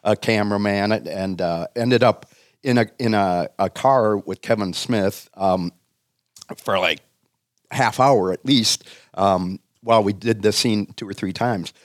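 A middle-aged man with a low voice tells a casual anecdote as a guest. He rambles and fills his pauses with "uh" and "um". The recording is dry and close. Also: no room sound. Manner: rambling, many fillers. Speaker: guest, former sports community relations director.

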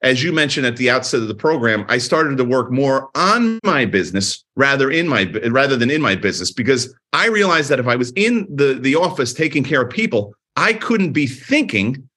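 A middle-aged man with a bright, forceful voice speaks as a guest on an interview show. He tells stories about building his clinics and slips into other voices for the dialogue inside them. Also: medium pitch, a little fast, hardly any pauses. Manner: energetic storyteller, acts out quoted dialogue. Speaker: chiropractor with many clinics, podcast guest. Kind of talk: casual interview talk.

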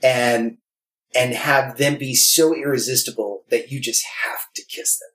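A man's voice: medium pitch, fairly even intonation, unhurried, fairly bright tone. A man talking candidly and animatedly, acting out quoted voices as he tells stories. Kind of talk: candid conversation. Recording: roomy echo.

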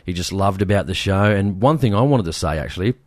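A man co-hosting a podcast, chatting casually and retelling stories with lively mimicry. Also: quick pace, no room sound, clean studio sound. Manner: animated storyteller, mimics people in high voices. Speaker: podcast co-host.

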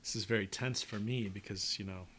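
A man chats with friends in a relaxed, wry way. His voice sits a little low. A faint hiss of noise hangs behind him. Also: fairly quick. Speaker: podcast co-host. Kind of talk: casual chat among friends.

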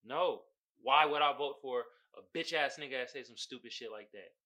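A man's voice: medium pitch, normal speed, bright, forceful tone. A young man hosting his own podcast, venting bluntly and profanely in casual talk. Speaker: podcast host. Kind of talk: casual solo podcast rant.

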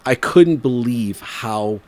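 The recording is dry, and the speaker is a man in his 40s with a medium-pitched voice and slow delivery. Chatting casually, he drifts through a story with fillers and laughter, giving lively voices to the people he quotes.

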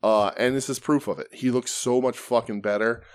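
A man's voice: mid-range voice, moderate pace, smooth. A man co-hosting a casual wrestling podcast, blunt and heavy on swearing. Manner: profane, blunt, animated. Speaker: podcast co-host.

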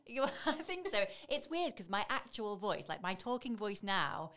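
A woman's voice: mid-range voice, sing-song, moderate pace, a bit bright. A woman in her thirties with a Stoke accent, a voiceover artist chatting as a guest in an interview, full of "you know" fillers. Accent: Staffordshire (Stoke). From Stoke-on-Trent area, England. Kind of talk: casual conversational interview.

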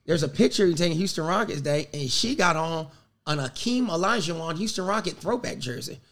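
Animated profane man in his thirties. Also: fairly high pitch, brisk. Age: 30s. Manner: profane, animated storyteller acting out quoted dialogue. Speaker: podcast co-host. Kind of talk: casual chat, storytelling.

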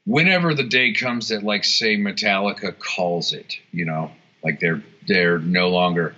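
This guitarist and songwriter, a guest in a laid-back interview, speaks low and unhurried with a pushed, bright quality. He rambles, restarts often, fills gaps and swears, all on dull lo-fi audio.

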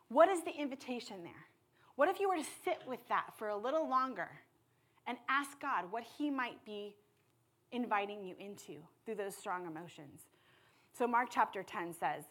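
A woman preaching a sermon with passion, dropping to hushed tones and then rising to loud appeals. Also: a little high. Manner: impassioned, swings from hushed to loud.

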